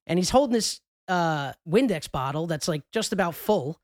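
A man's voice: fairly high pitch, lively intonation, moderate pace, dry recording, clean studio sound. A man hosting a podcast, telling a story in a rambling way with lots of fillers. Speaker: podcast host. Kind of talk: casual chat, storytelling. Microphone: close podcast mic.

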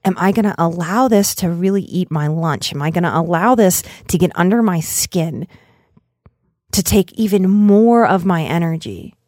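A middle-aged woman hosts a reflective self-care talk, speaking earnestly and gently. She builds her points in rhythmic lists of short phrases. Her voice sounds dry and close, with no room around it. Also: fairly low pitch, moderate pace, no room sound. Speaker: podcast host.

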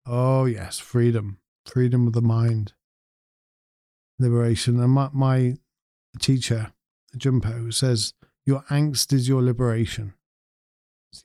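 A man's voice: mid-range voice, warm tone, dry recording, studio quality. A man hosting a casual chat, reading out viewer comments and reflecting on each with frequent chuckles.

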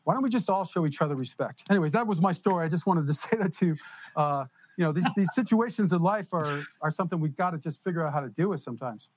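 A man telling a story in casual conversation as a podcast guest, animated and laughing as he goes. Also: on the high side, fast talker, a little hiss or hum.

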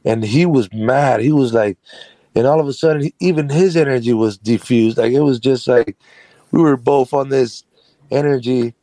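A man who runs a carpentry business tells a personal story as an interview guest, chatty and rambling and laughing often. His mid-range voice has a warm tone at a moderate pace, captured on a dry recording.

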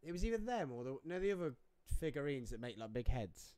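A man's voice: medium pitch, very animated, fast talker, darkish tone, clean tone, no echo, studio quality. A man co-hosting a live fight watch-along in casual, joking chat, teasing his friend and stumbling over fighters' names.

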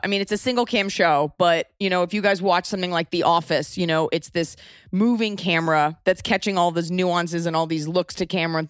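A woman's voice: on the low side, smooth, dry recording, clean studio sound. A woman hosting a podcast, chatty and explaining things for listeners. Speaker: podcast host. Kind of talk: casual interview.

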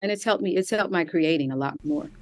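A woman, an actress, answering interview questions in an animated way, laughing and using many fillers. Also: on the low side, quick pace, dry recording. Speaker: actress guest.

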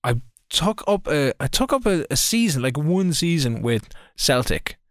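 A man's voice: fairly high pitch, big pitch swings, a little slow, no room sound, clean studio sound. An Irish man in his thirties co-hosting a podcast, telling stories in a rambling, laid-back way. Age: 30s. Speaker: podcast co-host. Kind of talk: casual chat.

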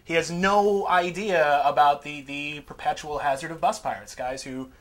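A man's voice: fairly high pitch, steady tone, normal speed, fairly bright tone. Sarcastic rambling guest, a man. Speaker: guest actor. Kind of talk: casual chat.

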